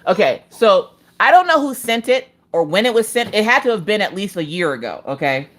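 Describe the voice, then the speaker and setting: A woman hosting a casual crafting livestream from home, rambling through stories with lots of "like" fillers. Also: lowish voice. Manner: rambling, animated storytelling with frequent "like" fillers. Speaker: livestream host. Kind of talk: casual live chat while crafting.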